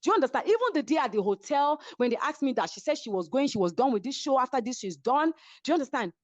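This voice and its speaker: Woman, Nigerian accent, middle-aged, high pitch, fast pace, dramatic storyteller, dry muffled call. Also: expressive, no room sound. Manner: dramatic, keeps asking "do you understand?". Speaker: reality show cast member guest. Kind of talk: animated storytelling in an interview. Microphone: remote call.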